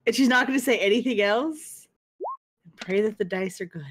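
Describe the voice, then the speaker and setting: A woman's voice: medium pitch, moderate pace, a little hiss or hum. A woman playing a tabletop game, thinking aloud as she checks rules and her sheet. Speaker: player.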